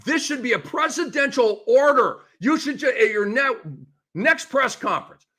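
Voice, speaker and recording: A middle-aged man hosting a sports show, ranting excitedly in animated solo commentary. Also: very high voice. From lives in the Tampa Bay area. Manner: excitable, ranting, quick shifts in volume.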